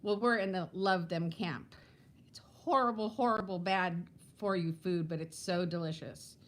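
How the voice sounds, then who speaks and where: A woman in her fifties chatting to viewers on a live stream from home, greeting them by name and telling a story in a warm, gushing way. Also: on the low side, steady tone, unhurried, rough recording. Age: 50s. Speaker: vlogger hosting a live stream.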